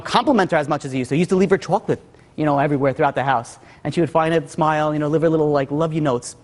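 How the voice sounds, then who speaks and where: Casual, chatty male rabbi storyteller. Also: a little high. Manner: casual, lots of "like" and "you know". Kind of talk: sermon storytelling. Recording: long hall reverb.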